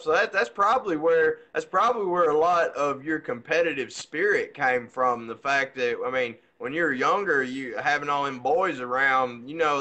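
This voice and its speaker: A man with a fairly high, very bright voice hosts a casual interview. He is enthusiastic and laughs often, in loose everyday grammar. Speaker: podcast host.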